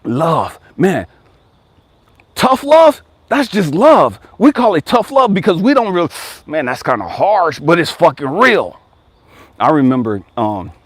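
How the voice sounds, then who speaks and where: Blunt, profane man with lively pitch. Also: no echo. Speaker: life coach and channel host. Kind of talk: casual motivational monologue.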